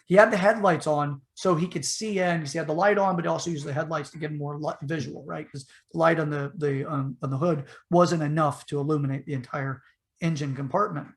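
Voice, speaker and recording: A man with a fairly high-pitched voice speaks fairly quickly while recounting a long story on a podcast. The telling is casual, loose and rambling, heavy on fillers and restarts, and he animatedly performs the characters' voices.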